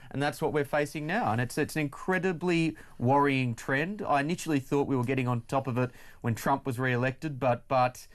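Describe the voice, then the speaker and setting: Earnest Australian man giving political commentary. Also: medium pitch. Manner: earnest, building points in steady lists. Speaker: studio co-host. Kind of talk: political commentary in studio chat.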